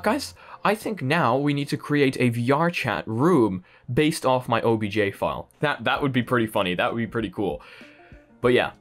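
A man from Poland with an Irish accent, hosting a tech vlog in an enthusiastic, playful way and talking straight to his viewers. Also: medium pitch. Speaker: tech channel host.

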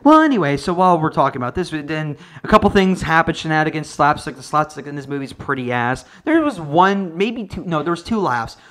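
Movie reviewer, swearing, exasperated rant, swooping pitch, bright tone. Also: a little fast, hardly any pauses. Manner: profane, exasperated ranting; animated, jumps into high-pitched outbursts. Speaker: video reviewer.

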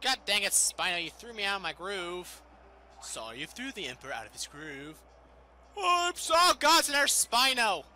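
A man giving excitable, goofy gameplay commentary as a let's play host, with faint game music behind. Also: high voice, moderate pace, slight background noise. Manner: excitable, goofy, exclaims loudly.

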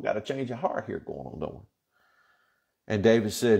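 A man's voice: on the low side, big pitch swings, moderate pace, vocal fry, long pauses, a little mellow. A man pastor, leading a casual, earnest Bible study chat with folksy asides. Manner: folksy, chatty and earnest, with frequent fillers.

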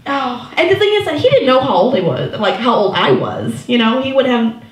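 Woman in her 30s doing standup, kinda high voice, chatty and self-deprecating, echoey room. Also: sing-song, brisk. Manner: chatty, self-mocking, lots of "like" and "you know". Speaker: stand-up comedian. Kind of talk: stand-up comedy set. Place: small comedy venue with a live audience.

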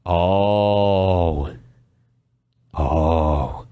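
A young man reacting to a video, sarcastic and profane, jumping between high mock-cheerful lines and low deadpan asides. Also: unhurried, background noise. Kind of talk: casual reaction commentary.

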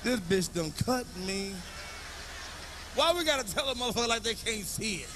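A man telling profane stand-up comedy stories to a live audience, often shouting. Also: very high-pitched, expressive, normal speed, noisy background.

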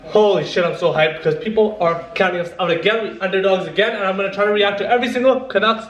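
A young man vlogging casually, excitable and hyped, swearing a lot and repeating himself. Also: high voice, fast, highs cut off. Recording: roomy echo, faint background noise.

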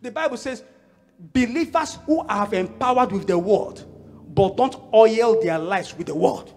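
A middle-aged man with a Nigerian accent preaching a sermon, emphatic and shouting, repeating his key phrases. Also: sits high, a little slow, over music.

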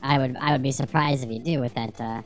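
A woman's voice: rumbling low, fairly even intonation, fast talker, soft background music. A woman streaming a retro game, rambling, swearing and joking with her chat as she plays. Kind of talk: casual livestream gameplay commentary.

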